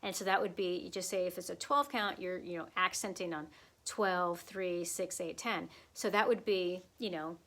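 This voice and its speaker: A woman's voice: fairly low pitch, fairly even intonation, moderate pace, fairly bright tone. A woman flamenco dance teacher answering questions in a live online Q&A, chatty and encouraging, with many fillers and asides.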